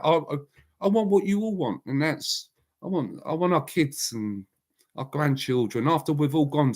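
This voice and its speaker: A man hosting a casual live chat, talking bluntly in a rambling way and answering viewers by name. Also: fairly high pitch. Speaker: livestream host.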